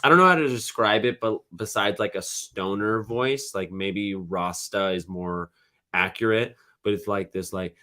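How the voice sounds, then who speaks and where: A podcast host talks casually on his own, his solo commentary full of fillers and restarts. His voice is lowish and sharp-toned, and he keeps a measured pace.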